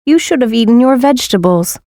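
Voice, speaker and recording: Female reader, plain clear delivery, grammar exercise sentences, dry studio sound. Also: on the high side, expressive, fairly quick, dark tone, no room sound.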